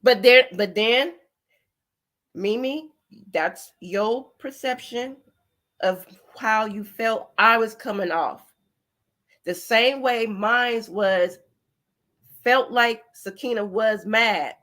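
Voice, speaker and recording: A woman's voice: a little high, slow, long pauses, fairly bright tone. A woman hosting a livestream, ranting bluntly and profanely in a rambling way. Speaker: host. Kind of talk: heated livestream commentary.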